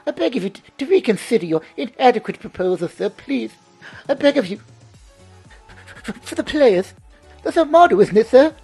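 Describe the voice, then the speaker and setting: A man's voice: sing-song, normal speed, long pauses, mellow, breathy edge, faint music behind, heavily acted. A man doing a whiny, stammering British exec. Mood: whiny pleading. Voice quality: high, pleading and stammering. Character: whiny stammering begging British male executive. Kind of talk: mocking impression.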